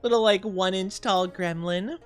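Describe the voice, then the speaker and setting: A woman's voice: mid-range voice, measured pace, soft background music. Giggly woman streamer with a scratchy voice. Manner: giggly, rambling, playful. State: slightly scratchy voice. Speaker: VTuber streamer. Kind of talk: casual live-stream chat, reading chat.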